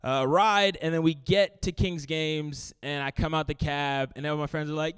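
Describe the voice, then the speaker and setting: A young man from Brooklyn telling a comic story from his childhood on stage, playful and lively, acting out his friends. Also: fairly high pitch, moderate pace, few pauses, clear, resonant tone, no echo. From Brooklyn, New York. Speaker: storyteller, comedian. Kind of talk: live comedic storytelling.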